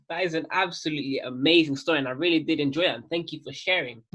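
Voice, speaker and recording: Male host, husky tone, a touch high. Appreciative and easygoing. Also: quick pace, fairly bright tone. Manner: appreciative, laughs easily. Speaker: interview host. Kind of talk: casual interview chat.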